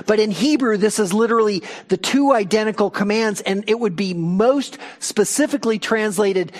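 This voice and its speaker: A man's voice: high-pitched, normal speed. A man preaching an expository Bible sermon as a pastor, teaching emphatically and asking rhetorical questions.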